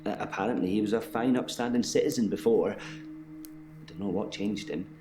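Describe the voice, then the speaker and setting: An actor playing a detached male patient in a full-motion video game, with an even, measured delivery. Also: lowish voice, soft background music, close to an everyday voice. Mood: flat, detached. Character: calm, detached British male patient who walks through doors.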